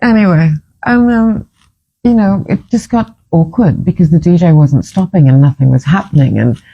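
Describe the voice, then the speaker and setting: A woman with a mellow, husky voice tells a personal story to the camera. She rambles with emotion and often stops and starts her sentences, her tone soft and low in brightness. It sounds like a casual vlog. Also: normal speed, dull audio. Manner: emotional, rambling retelling with frequent restarts. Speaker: vlogger.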